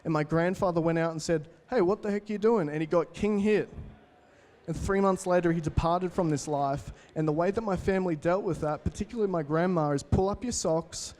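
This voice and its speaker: Energetic young Australian man speaking. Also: on the high side, a little fast. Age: 20s. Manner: energetic, storytelling, addresses the crowd directly. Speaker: keynote speaker. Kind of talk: motivational talk to a live audience.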